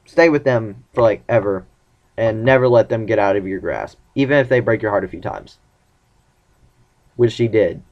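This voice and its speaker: Rambling teenage boy, low voice. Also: moderate pace, long pauses, highs cut off. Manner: rambling, acts out quoted dialogue. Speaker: vlogger. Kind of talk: casual personal vlog.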